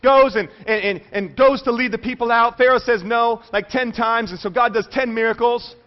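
Male preacher, high voice, acts out the characters in his sermon; muffled lo-fi sound. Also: moderate pace. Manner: animated storytelling, acting out quoted voices. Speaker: pastor.

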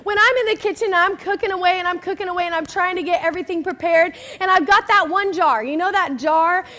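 Woman pastor preaching, real high voice, chatty, keeps saying okay?. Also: quick pace, bright, forceful tone. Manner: chatty, emphatic, often asks "okay?"; acts out quoted people in story. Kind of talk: sermon.

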